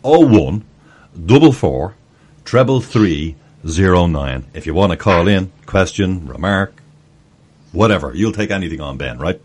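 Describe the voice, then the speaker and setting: A man's voice: deep voice, animated, moderate pace, darkish tone, husky. An Irish man hosting a casual call-in show over a video call, chatty and jokey, laughing often. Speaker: host.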